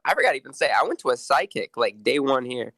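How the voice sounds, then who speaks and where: A man's voice: mid-range voice, animated, quick pace, vocal fry, fairly bright tone, no echo, rough recording. A young man co-hosting a podcast, telling a story casually with lots of fillers. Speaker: podcast co-host. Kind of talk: casual chat.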